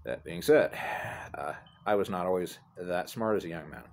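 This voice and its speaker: Standing outside near apartments with his phone in hand, a middle-aged man rambles through a profane story at his own expense, casually addressing the camera. He speaks at a moderate pace in a low, somewhat dark voice with vocal fry.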